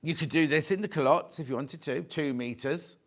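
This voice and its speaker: An English man hosts a live home shopping show from a TV studio, his voice a little high and his pace brisk. He chats jokily, reads out messages from viewers and shows off fabrics.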